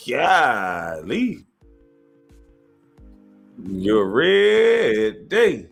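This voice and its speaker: A husky man delivers a mocking rant, his pitch leaping up and down with lively swings. Faint music plays underneath. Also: unhurried. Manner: mocking, impersonates others in high put-on voices. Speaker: commentator reacting to a controversy. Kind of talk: animated rant commentary.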